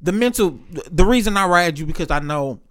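A man's voice: sits high, lively intonation, brisk, a bit bright. A man in casual chat, telling stories in a loose, profane way and acting out the voices of other people.

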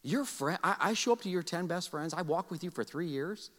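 Man acting out a gentle patient male teacher, soft, coaxing, quiet, bright tone, church hall reverb. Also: fairly high pitch, animated, a little fast. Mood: reproachful.

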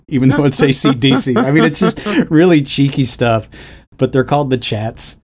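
A man's voice: mid-range voice, darkish tone. A man hosting a podcast in casual chat, rambling with lots of laughs and fillers. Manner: rambling, laughing, jumps into sung bits. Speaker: podcast host.

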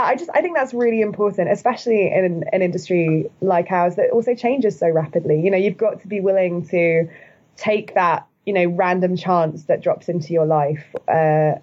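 A woman's voice: mid-range voice, a little mellow, highs cut off. A woman guest on a podcast, talking casually with lots of "like"s, light laughs and rising upward inflection at the ends of sentences. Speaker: guest, video host.

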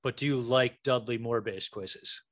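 Dry-sounding animated male podcast host. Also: mid-range voice, no echo. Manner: animated, quick jokes, runs the quiz segment. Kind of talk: casual movie chat.

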